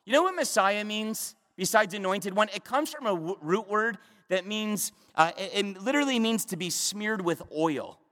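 A man preaching a sermon to a discipleship group, fervent and emphatic, swinging between loud bursts and hushed lines. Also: high voice, lively intonation, normal speed, few pauses. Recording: long hall reverb.

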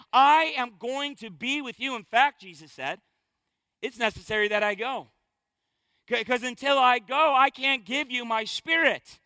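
High-voiced, punchy preaching pastor. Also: male voice, no echo, low-quality recording. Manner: emphatic, punchy preaching with sudden loud stresses. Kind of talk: sermon.

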